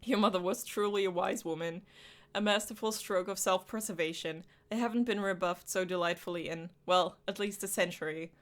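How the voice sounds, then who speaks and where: A woman's voice: on the low side, a little fast, a bit bright, natural voice. A woman voicing a centuries-old male demon king from a visual novel, speaking in a theatrical, flowery, teasing manner. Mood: amused. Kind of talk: reading a visual novel aloud.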